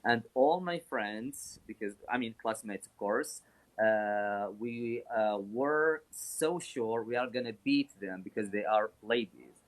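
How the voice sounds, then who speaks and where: A Saudi Arabian man with a medium-pitched voice hosts a casual live stream chat, talking rapidly with lots of fillers and frequent laughter.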